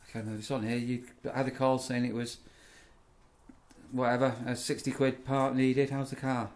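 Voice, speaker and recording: A middle-aged man, chatting casually and rambling through animated stories. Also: mid-range voice, moderate pace. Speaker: vlogger, campsite warden. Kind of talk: casual chat.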